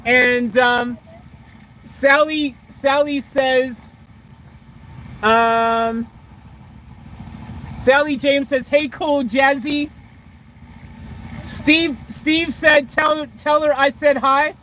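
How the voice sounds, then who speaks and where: High-voiced rambling livestream vlogger. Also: steady tone, extremely slow, long pauses, fairly bright tone, slight background noise, rough recording. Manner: rambling, hesitant, full of restarts. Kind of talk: casual livestream chat, reading out viewer comments.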